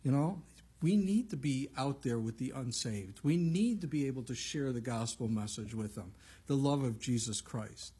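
Male pastor, very husky voice, conversational sermon with asides. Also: mid-range voice, normal speed, mellow. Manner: conversational preaching with frequent asides.

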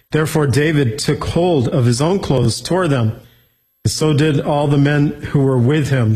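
Man, husky tone, Bible teaching, reads scripture aloud, plain explanations. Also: mid-range voice, darkish tone, poor audio.

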